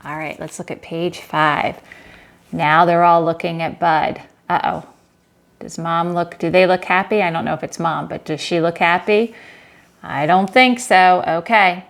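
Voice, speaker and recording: A teacher reads a children's book aloud during a lesson, her voice on the low side and steady, speaking each line slowly and clearly. Then she quickly and softly prompts the child to read along, praises them, and encourages them with simple questions.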